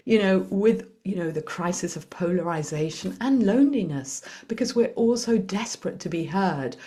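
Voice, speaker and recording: A woman, a podcast guest speaking in a lively, conversational way, in quick bursts while she tells a story. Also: lowish voice. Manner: animated, acts out quoted voices, quick bursts. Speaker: guest, author and executive coach.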